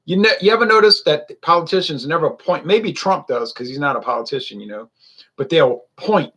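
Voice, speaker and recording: A man's voice: fairly high pitch, expressive, fairly quick, fairly bright tone, slightly rough, lo-fi sound. A man hosting a beer review video, ranting in a heated, sarcastic way. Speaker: beer review channel host. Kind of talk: casual on-camera rant.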